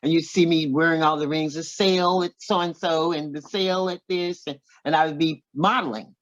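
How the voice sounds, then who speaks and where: A woman in her seventies from Oklahoma, USA, a singer appearing as an interview guest, tells a story animatedly and acts out other people's lines. Her voice is deep, her speed normal, and the sound lo-fi.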